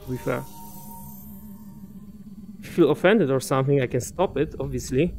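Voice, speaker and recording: A man's voice: mid-range voice, moderate pace, creaky, darkish tone, soft background music. A young man giving casual let's-play commentary, chatting to enemies and muttering asides to himself. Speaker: gaming commentator.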